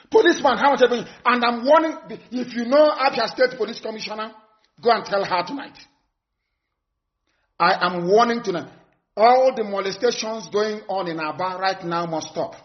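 A man giving a live broadcast address, delivering stern, repeated warnings that sometimes rise to shouts. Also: high voice. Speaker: activist broadcaster. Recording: dull lo-fi broadcast audio.

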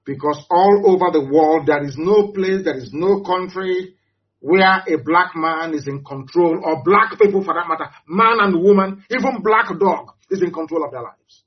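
Man, Nigerian accent, high-pitched, emphatic, rhetorical, repetitive, lo-fi recording. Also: moderate pace. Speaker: political speaker. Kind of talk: impassioned broadcast address. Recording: dull lo-fi audio.

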